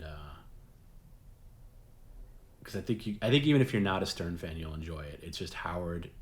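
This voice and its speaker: A man's voice: low voice, slight background noise. A man hosting a late-night stream, chatting casually in a rambling way, often repeating his words and laughing at his own jokes. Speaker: host.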